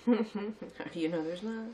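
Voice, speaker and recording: A woman chatting casually as co-host of a sweets-tasting video, talkative and quick to laugh. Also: lowish voice, warm tone. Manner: chatty and giggly, reads labels aloud. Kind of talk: casual chat.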